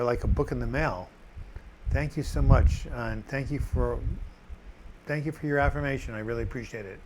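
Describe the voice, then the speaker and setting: A man's voice: medium pitch, a little hiss or hum, poor audio. An older man hosting a live chat, reading out viewer comments with joking asides.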